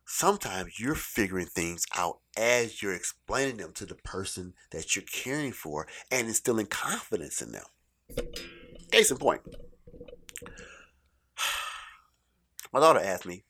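A middle-aged man telling a stand-up comedy story in an animated, profane way, swinging between loud bursts and quiet asides. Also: lowish voice, measured pace, pauses often, breathy edge.

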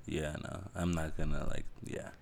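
A man's voice: a bass voice, little pitch movement, moderate pace, creaky, darkish tone. A man co-hosting a podcast in casual chat, teasing dryly and swearing casually. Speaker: podcast co-host.

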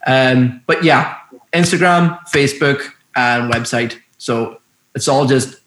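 A man who co-founded a film studio, speaking as a podcast guest in a relaxed way with many fillers. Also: mid-range voice, a little slow, roomy sound. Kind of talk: casual podcast interview.

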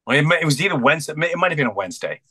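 A middle-aged man with a bright, forward voice tells a story with earnest intensity. He acts out both sides of the conversations he recalls. His voice sits close and dry, with little room around it. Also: a little high, big pitch swings, racing, husky, dry recording. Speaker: guest comedian. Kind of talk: storytelling in a podcast interview.

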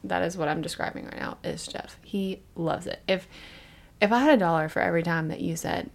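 Fast-talking, with a fairly low pitch and vocal fry, this podcast co-host chats casually, animatedly telling stories and often laughing.

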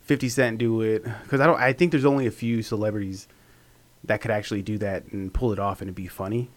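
A man's voice: lowish voice, fairly even intonation, fast talker. A man co-hosting a podcast in casual chat, laughing often. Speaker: podcast co-host.

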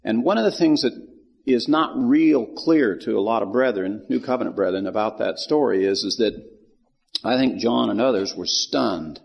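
A man teaches scripture in a relaxed, folksy storytelling way, acting out the lines of the people in the story. His voice is gravelly and a bit husky. It rings in a hall with a long echo. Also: on the low side, moderate pace, dull audio. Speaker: Bible teacher. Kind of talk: Bible teaching.

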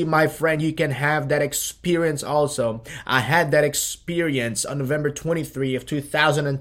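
Man preaching a devotional, slow and unhurried, middle-pitched voice, earnest, fillers. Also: fairly bright tone. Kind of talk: short devotional sermon.

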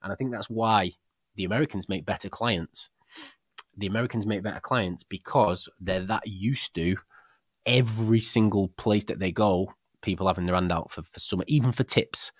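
A man's voice: on the low side, moderate pace, no echo, clean studio sound. A British man co-hosting a casual podcast chat. He rambles through anecdotes with many restarts and acts out the people in them. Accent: British English. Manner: rambling storyteller, many restarts and animated quoted dialogue. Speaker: podcast co-host. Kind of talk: casual chat about a book.

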